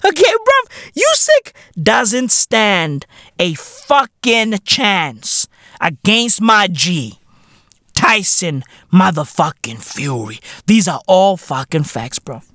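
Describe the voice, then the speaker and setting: A podcast host from South Africa talking in a casual, profane monologue, full of slang fillers and emphatic repetition. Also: male voice, sits high, big pitch swings, takes it slowly, bright, forceful tone.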